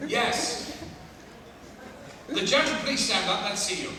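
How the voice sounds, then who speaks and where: Animated older man telling stories in a hall. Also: sits high, measured pace. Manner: animated, profane, mimics others in stories. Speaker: convention panel guest. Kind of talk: storytelling Q&A with audience. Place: large convention hall. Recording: echoey hall from far off with loud crowd.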